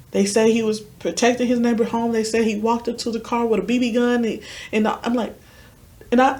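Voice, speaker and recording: Brisk and level, her fairly high, slightly mellow voice carries a personal story she shares as an interview guest on a podcast. She earnestly performs the quoted dialogue, making the retelling vivid and full of emotion.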